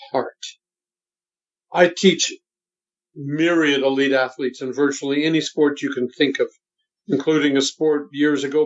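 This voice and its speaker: Older man coaching, dull lo-fi sound. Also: fairly high pitch. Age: 70s. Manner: deliberate, emphatic, instructive. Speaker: voice coach guest. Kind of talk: coaching interview talk.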